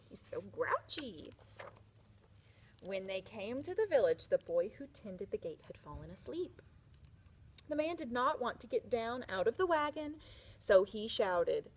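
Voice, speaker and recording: Expressive woman reading a picture book. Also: mid-range voice, unhurried, breathy edge. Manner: warm, expressive, chatty asides. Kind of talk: children's read-aloud.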